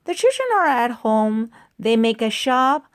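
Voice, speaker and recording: A woman reading a children's book aloud, slow and careful, with small slips. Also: a little high, big pitch swings. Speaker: reader.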